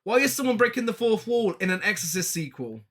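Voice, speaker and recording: A man's voice: sits high, sing-song, fast talker, a bit bright. A man co-hosting a podcast, recapping a film scene by scene in casual chat, swearing freely and laughing often. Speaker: podcast co-host.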